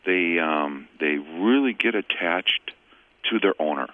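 A very low-voiced man speaks over a narrow, phone-like line. He is a pet store owner on a radio call-in show. He explains things in a relaxed, plain way, full of ums and uhs. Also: takes it slowly. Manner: relaxed, plain-spoken, with fillers.

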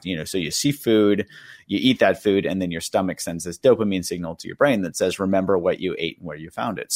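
A man's voice: sits low, no echo, studio quality. A middle-aged man, a psychiatrist and author, explaining things as a radio interview guest in a conversational way, with many fillers. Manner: conversational, many "you know" fillers, occasional chuckles.

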